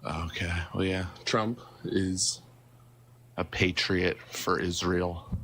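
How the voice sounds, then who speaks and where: A man in his twenties calling into a live stream, speaking in a halting, defensive way. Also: low voice, fairly even intonation, a bit bright. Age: 20s. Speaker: caller. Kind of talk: casual call-in chat.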